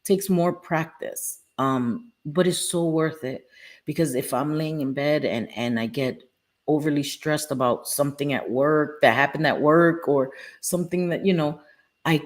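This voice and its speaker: Earnest woman hosting a live stream. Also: low voice. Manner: earnest, heartfelt, reads out viewers' names. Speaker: live-stream host sharing her recovery story. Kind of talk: candid casual talk to viewers.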